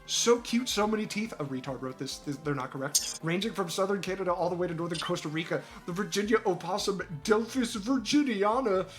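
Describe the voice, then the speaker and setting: A streamer reading an article aloud in casual chat, ranting in disbelief with sudden shouts and crude, mocking banter. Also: mid-range voice, fairly quick, hardly any pauses, soft background music.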